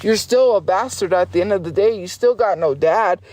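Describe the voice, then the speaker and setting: A woman's voice: medium pitch, moderate pace, dark tone, no room sound. Defiant, foul-mouthed woman streamer. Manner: profane, insistent, defiant, repeats herself. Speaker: livestreamer. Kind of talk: livestream rant at chat.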